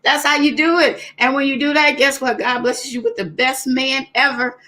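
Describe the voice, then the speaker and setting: High bright chatty woman host. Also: fairly even intonation, normal speed. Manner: chatty, greets viewers by name, retells stories animatedly. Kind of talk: casual livestream talk.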